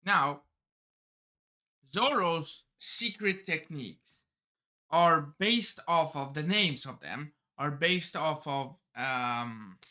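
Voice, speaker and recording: A man's voice: on the high side, expressive, slow pace, bright, forceful tone. A man hosting a live manga reaction, rambling and often stumbling and restarting his sentences. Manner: rambling, self-interrupting, stumbles over words.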